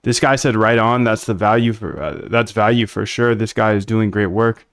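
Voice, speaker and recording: A man's voice: fairly low pitch, moderate pace, no echo, clean studio sound. A man hosting a casual livestream, coding aloud and bluntly reacting to chat. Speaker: livestream host.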